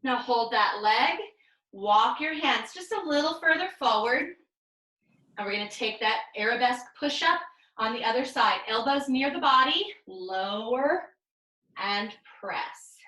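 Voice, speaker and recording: Bright, slow-paced woman pilates instructor. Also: fairly high pitch, reverberant, rough recording. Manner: calm counting cues, drawn-out instructions. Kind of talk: guided exercise class cues. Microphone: video call.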